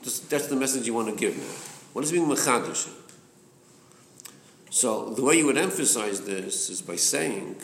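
A man's voice: mid-range voice, normal speed, creaky, long pauses, slight background noise. A man leading a Torah study class, asking questions and answering them himself. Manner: animated, poses and answers his own questions. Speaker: class leader. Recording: roomy echo.

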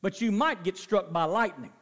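A middle-aged male pastor preaching a sermon, swinging from loud emphasis to soft, low asides. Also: normal speed. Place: church sanctuary. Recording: long church reverb.

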